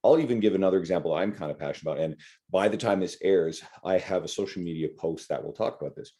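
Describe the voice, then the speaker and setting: Podcast host guy, mellow low-toned voice, blunt and animated, curses a lot. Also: quick pace. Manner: blunt, animated, swears freely. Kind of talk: casual podcast chat.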